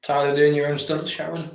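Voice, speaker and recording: A man's voice: on the high side, gravelly, a little mellow, echoey room. An English man hosting a late-night live stream from home, chatting casually and answering viewer comments, with mock-exasperated outbursts. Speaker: livestream host.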